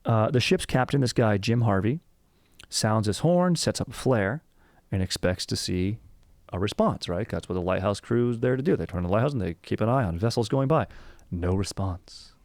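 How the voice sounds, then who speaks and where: Casting: young male podcast host, low gravelly voice, dry close mic, loose joking delivery. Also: expressive, moderate pace, a little mellow, no room sound. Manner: rambling, joking, self-interrupting. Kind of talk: casual history podcast chat.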